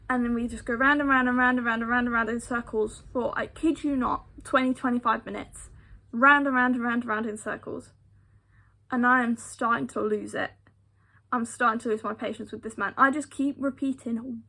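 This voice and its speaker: Young british woman, storytime vlog, gravelly fry, slightly high voice, emphatic repetition. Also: steady tone, fairly quick, sharp tone. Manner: emphatic, repeats phrases for effect. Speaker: vlogger. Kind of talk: storytime retelling.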